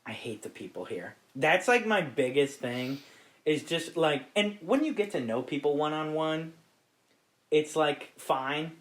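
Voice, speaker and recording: A man's voice: a little high, expressive, measured pace. Laid-back swearing man from Ohio. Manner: laid-back, swears freely, laughs often. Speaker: podcast guest. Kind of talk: casual chat.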